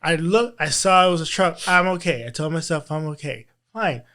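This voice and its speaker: A man with a slightly high voice recounts a personal experience in a sit-down interview. He talks in an earnest, halting way and often restarts his sentences. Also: bright, forceful tone. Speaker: teacher and guest.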